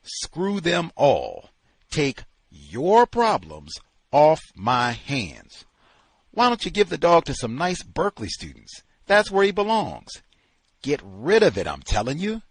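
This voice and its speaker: A man voicing a furious, gruff male kennel owner who rants against everyone, read aloud from a novel. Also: mid-range voice, huge pitch swings, takes it slowly, dry recording, heavily acted. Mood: angry. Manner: shouting, ranting.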